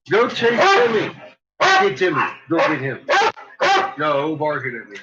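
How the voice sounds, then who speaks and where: A man with a headache rambles slowly at home, joking and swearing, his pitch leaping high when he coos at his dogs. The recording is dull and lo-fi, with steady noise behind him. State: has a headache. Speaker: vlogger talking to his dogs. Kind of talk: casual home vlog.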